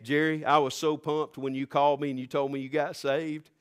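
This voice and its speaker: A male pastor preaching a sermon, rising fervently to near-shouts. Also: a little high, level tone, fairly quick, clean tone.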